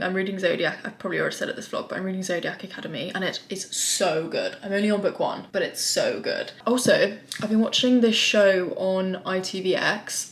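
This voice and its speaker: A young woman, talking casually and frankly to camera in a rambling vlog. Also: medium pitch. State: out of breath. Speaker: vlogger. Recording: echoey room.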